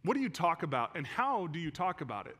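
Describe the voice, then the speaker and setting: A male pastor preaching in a church, telling a personal story and moving from hushed, quiet passages to loud, intense ones. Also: fairly high pitch, big pitch swings, quick pace, slightly rough. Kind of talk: sermon.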